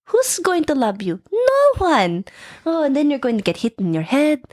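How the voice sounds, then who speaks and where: A woman's voice: sits high, very animated, moderate pace, a little mellow, voice pushed up. A woman voicing a nagging, overprotective mother who scolds and piles on dire warnings. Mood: scolding.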